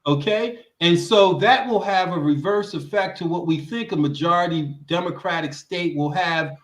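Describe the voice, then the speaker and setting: A man's voice: high-pitched, normal speed. A man giving emphatic political commentary on a roundtable, often repeating words as he starts a point. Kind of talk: roundtable discussion. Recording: roomy echo.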